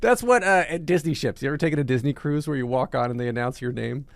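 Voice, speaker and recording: A man's voice: mid-range voice, fast talker, vocal fry, no echo. A man hosting a podcast interview, introducing his guest with enthusiasm and joking with her. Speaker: podcast host.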